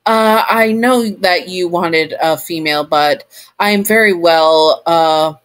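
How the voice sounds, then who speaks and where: A woman's voice: fairly low pitch, slow pace. A woman reading as an earnest young male nanny.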